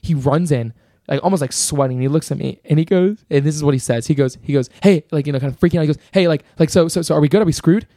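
A man's voice: on the high side, quick pace, dry recording, clean studio sound. Rambling young man telling a story. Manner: rambling, animated storyteller full of fillers. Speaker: podcast co-host. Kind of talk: casual storytelling chat.

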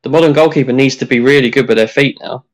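A man chats easily on a podcast, mostly giving short agreeing replies and quick explanations. His voice sits at an ordinary middle pitch. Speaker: podcast co-host. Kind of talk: casual chat.

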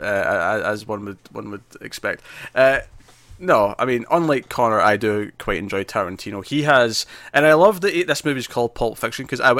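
In a dry recording, a man with a medium-pitched, fairly bright voice co-hosts a podcast, chatting casually about films. He rambles, uses lots of fillers and restarts, and acts out quotes.

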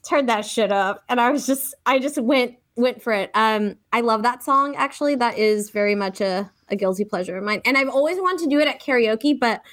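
A young woman co-hosting a podcast. She tells stories in a chatty, casual way, full of "like" and "um", with a voice a little higher than most. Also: brisk, few pauses, a bit bright. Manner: chatty, frequent fillers like "like" and "um". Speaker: podcast co-host. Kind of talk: casual chat.

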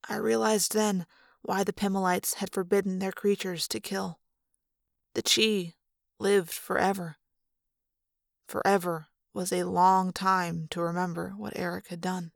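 A woman's voice: medium pitch, creaky, no echo. A woman reading a first-person audiobook aloud in an earnest, subdued way on a close microphone. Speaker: reader.

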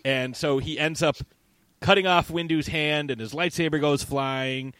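A man hosting a casual chat, rambling and swearing as he recaps a film. He acts out characters in quick bursts. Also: a bit bright, clean tone, no room sound. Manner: rambling, profane, acts out characters with big pitch jumps. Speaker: podcast host.

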